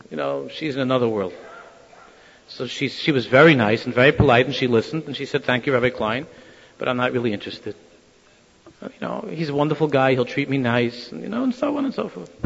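A man tells a Hasidic story, slipping into the voices of the people in it. His voice sits at an ordinary middle pitch. The recording is dull and lo-fi, with a long echo from a big hall. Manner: animated, acts out quoted voices. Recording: dull lo-fi sound in a reverberant hall.

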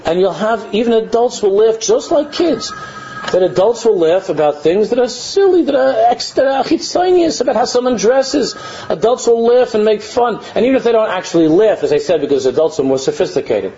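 A man giving a religious lecture, reading lines of a text and translating them, animated and often mimicking mocking children with repeated phrases. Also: high-pitched, a little fast, dull audio. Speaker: Torah teacher.

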